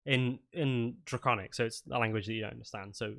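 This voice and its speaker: A man's voice: mid-range voice, fairly even intonation, quick pace, creaky, fairly bright tone. Guy running a d&d game, rambly, um's everywhere, pretty average voice. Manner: rambling, many fillers and restarts. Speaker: game master. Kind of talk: narrating a tabletop game.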